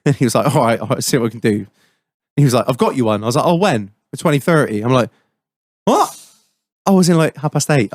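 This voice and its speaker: A man's voice: on the high side, slightly rough, dry recording. A man on a casual podcast, swearing freely, laughing and mimicking people as he tells stories. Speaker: podcast co-host. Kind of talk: casual banter with friends.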